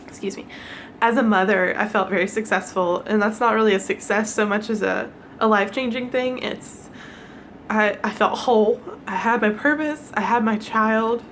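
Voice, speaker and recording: A young woman from the United States, teary and emotional, talking haltingly with nervous laughs in a personal vlog. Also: medium pitch, a bit bright, a little hiss or hum. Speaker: vlogger.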